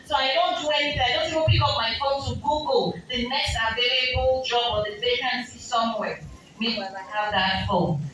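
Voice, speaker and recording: A woman with a Nigerian accent, a business coach giving a seminar talk, asking the audience questions and slipping into Pidgin asides. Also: fairly high pitch. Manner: rhetorical, switching into Pidgin asides. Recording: very echoey hall, distant mic, ambient noise.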